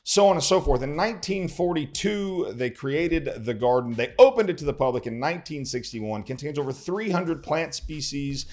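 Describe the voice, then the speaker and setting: A man's voice: a little high, expressive, moderate pace, hardly any pauses, a little mellow. Folksy man hosting a vlog. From Texas. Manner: folksy, chatty, repeats words when stumbling. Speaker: host, local lender. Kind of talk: casual vlog talk to camera.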